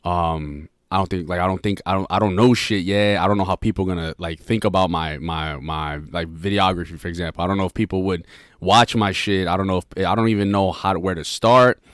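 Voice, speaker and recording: A man's voice: deep voice, steady tone, fairly quick, clear, resonant tone, dry recording, clean studio sound. A young man co-hosting a podcast in casual chat, rambling with restarts and slang. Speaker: podcast co-host.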